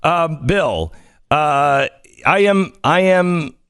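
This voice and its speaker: A man's voice: a little high, lively intonation, extremely slow, a bit bright, clear, resonant tone, no echo, studio quality. A man hosting a talk radio show, chatting animatedly and stumbling over restarts. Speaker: radio host. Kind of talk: casual talk radio chat.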